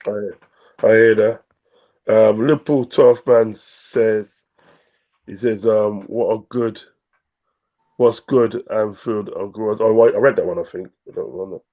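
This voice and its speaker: A man hosting a casual live football predictions stream, slowly reading viewer comments aloud in an easygoing way. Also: on the low side, fairly even intonation. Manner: slow, easygoing, reads chat aloud haltingly. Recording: dull lo-fi stream audio.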